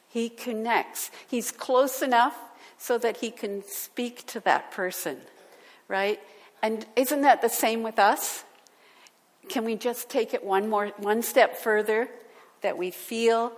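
A woman preaching a sermon, asking her listeners questions and turning animated as she goes. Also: medium pitch. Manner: animated, asks the audience questions. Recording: long hall reverb.

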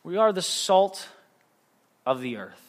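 A man's voice: sits high, big pitch swings, takes it slowly, long reverb tail. A male preacher giving a sermon in a casual, rambling way, with restarts and self-deprecating jokes.

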